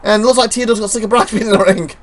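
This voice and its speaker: A host giving playful, excitable play-by-play commentary on a wrestling video game show. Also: medium pitch, rapid-fire. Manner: excitable, exclaims often.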